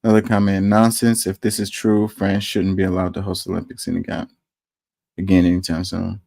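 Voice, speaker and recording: A man casually commenting on news and reading viewer comments aloud, with animated rhetorical questions. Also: low-pitched, brisk, gravelly, dry recording, studio quality.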